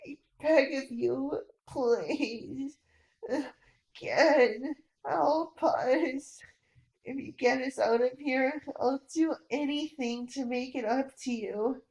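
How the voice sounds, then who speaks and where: A woman's voice: sits high, slow pace, darkish tone. A woman voicing a trapped middle-aged man who begs humbly and desperately for help. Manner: begging, desperate.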